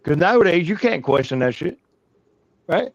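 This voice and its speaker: A man telling a long, profane anecdote in casual chat, rambling and animated. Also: fairly high pitch, moderate pace, dry recording, muffled recording. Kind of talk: casual storytelling.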